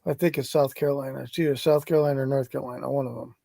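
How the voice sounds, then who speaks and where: A man's voice: mid-range voice, steady tone, very fast, vocal fry, warm tone, no room sound, studio quality. A man, a guest on a livestream, teasing the others with a guessing game and giving short replies. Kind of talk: casual chat.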